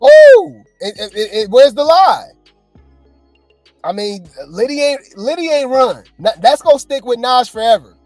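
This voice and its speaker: A woman's voice: on the high side, expressive, moderate pace, a little mellow, no echo, faint music behind. A woman hosting casual gossip commentary, chatty and slangy, talking straight to her viewers.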